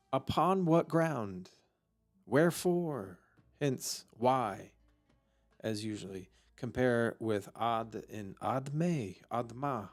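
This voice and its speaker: Man, mid-pitched, very slow and halting delivery, full of fillers, teaching vocabulary over faint music. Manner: slow and halting, thinking aloud with many fillers. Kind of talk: unscripted vocabulary lesson.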